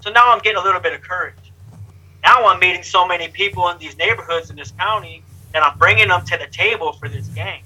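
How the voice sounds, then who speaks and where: Bright-voiced, high man telling his story. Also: fast talker, slightly rough, low-quality recording. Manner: blunt, streetwise storytelling with slang and swearing; lively, acts out other people's lines. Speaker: interview guest. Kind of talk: candid life story told in conversation.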